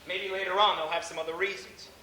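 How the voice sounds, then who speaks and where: A young actor playing a dry, suspicious young lawyer, recorded on stage from far off in an echoey hall. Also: male voice, high voice, little pitch movement, quick pace, pushed and bright. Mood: wry. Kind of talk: community theatre acting.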